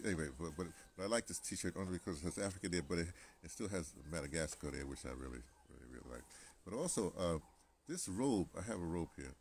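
A man's voice: low-pitched, animated, fast, gravelly, a little mellow, husky. An American man talking to camera in a rambling, casual monologue, chatty and digressive, with many restarts and asides. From United States. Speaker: vlogger.

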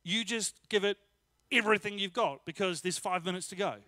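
A man preaching a casual sermon, telling personal stories in a lively, joking way. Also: high voice, a little fast, no echo, clean studio sound. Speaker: pastor.

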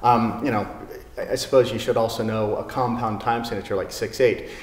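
A man giving a casual guitar lesson in a showroom, talking in a relaxed way with many fillers. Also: on the low side, a little fast, reverberant, big-room sound. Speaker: guitar teacher. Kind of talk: casual spoken music lesson. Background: classical guitar playing.

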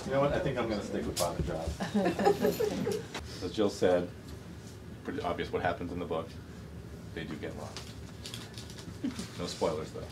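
A man's voice: low-pitched, moderate pace, long pauses. A man, the author, reading his picture book to children in a bookstore and joking with them. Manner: playful, joking with kids. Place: bookstore, indoors. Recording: distant mic, noisy bookstore.

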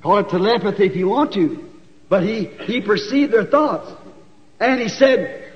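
High-voiced folksy preacher with twang. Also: male voice, a little slow. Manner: folksy, animated, rising to shouts. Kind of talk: sermon storytelling. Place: church. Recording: dull 1960s church tape with long reverb.

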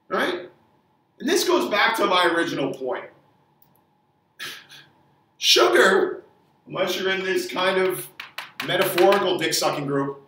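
Forceful, angry ranting male trainer. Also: high-pitched, far from the mic. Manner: angry, profane ranting with repeated words. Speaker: fitness trainer. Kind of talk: opinion rant to camera. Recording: echoey room, voice off mic.

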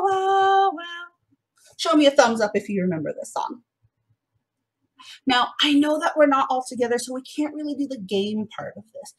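A young adult woman teaching a remote music lesson to first graders in a bright, sing-song, encouraging voice that is slightly husky, recorded at home. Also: mid-range voice.

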